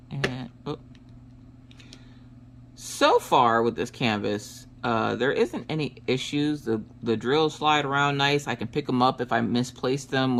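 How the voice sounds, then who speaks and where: A woman in her thirties chatting casually while she works on a craft project, telling family stories in an animated way. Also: extremely low pitch. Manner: animated storyteller, acts out family quotes. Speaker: crafting vlogger. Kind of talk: casual chat while diamond painting.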